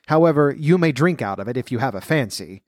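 A man's voice: medium pitch, expressive, fast talker, no room sound, studio quality, natural voice. A man voicing a proud, rude young girl in a fairy tale, haughty and sneering.

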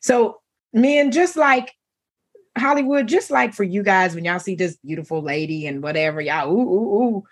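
Brief: middle-aged woman talk show co-host, husky, animated storyteller, laughs a lot. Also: medium pitch, normal speed. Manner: animated, laughing, voices quoted men. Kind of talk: casual storytelling chat.

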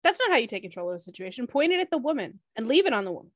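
Fast-talking high-voiced woman cracking jokes. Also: sing-song. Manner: sharp, swearing wisecracks. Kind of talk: casual comedic banter.

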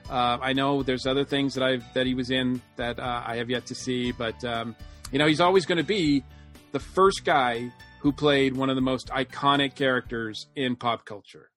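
Man with halting speech, faint guitar behind. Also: medium pitch, steady tone, fairly bright tone. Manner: halting, many ums. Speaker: podcast co-host. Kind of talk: casual podcast chat. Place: Atlanta area.

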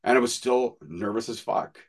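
A man's voice: mid-range voice, moderate pace. A man in his thirties, a podcast co-host, telling personal stories in candid, profane, casual chat. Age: 30s.

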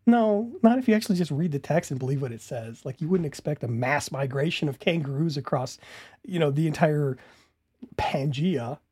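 A man's voice: on the high side, lively intonation, moderate pace, warm tone, husky, no echo, studio quality. A man commenting casually on a video he is watching, interrupting it with incredulous, laughing rebuttals.

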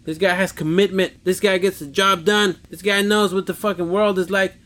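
High-voiced man ranting heatedly. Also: fairly even intonation, normal speed, fairly bright tone. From United States. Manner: heated, swearing, repeating lines for emphasis. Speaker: podcast host. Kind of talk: solo profane rant.

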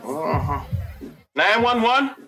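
A fed-up old father who hollers and scolds, his pitch swinging high and low. A film score runs clearly underneath the clip. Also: very animated, takes it slowly, bright, forceful tone, soft background music, full character voice. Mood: irritated.

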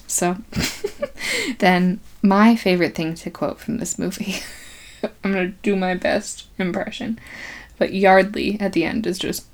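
A woman's voice: mid-range voice, fairly even intonation, a little slow. A young woman hosting a podcast, recapping a movie in a chatty, giggly way with lots of "like" and acted-out lines. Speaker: podcast host.

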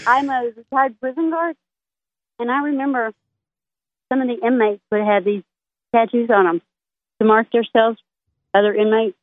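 A woman calling in to a talk show from her yard outdoors, hesitantly pitching a joke idea. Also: dry recording. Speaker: caller. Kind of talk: phone call-in. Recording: tinny phone line.

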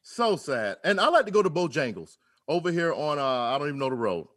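A man's voice: fairly high pitch, very animated, fairly quick, a bit bright. A man who is a regular on a radio show, ranting in a profane, comic way during casual podcast chat.

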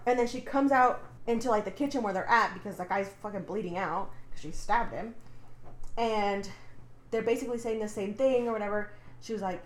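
Recorded in an echoey room, this podcast co-host is a young woman whose medium-pitched voice runs a little fast. She chats casually through a book recap, cursing freely and leaning heavily on "like."

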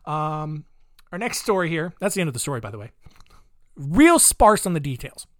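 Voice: medium pitch, very animated, normal speed, fairly bright tone, no room sound, studio quality. A comedy podcast host retelling saint stories in a sarcastic, rambling way, with many fillers.

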